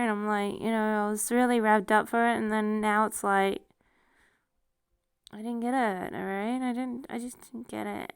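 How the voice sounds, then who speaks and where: At normal speed and with fairly even intonation, a woman speaks in a mid-range voice that is gravelly yet clear and resonant, recorded in studio quality with no echo. She's a vlogger with a noticeable non-standard accent, rambling to camera in a casual, self-deprecating monologue full of laughter.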